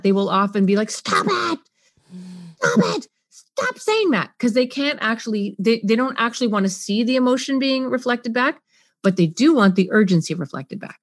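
A middle-aged woman talking as a parenting coach on a podcast, expressive, acting out scenes and asking rhetorical questions. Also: mid-range voice, dry recording, studio quality. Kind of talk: podcast guest conversation.

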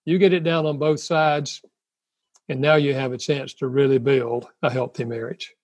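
A man's voice: mid-range voice, level tone, moderate pace, darkish tone. An older man giving marriage advice in a conversational talk, earnest, often laughing and acting out apologies. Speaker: marriage counselor guest.

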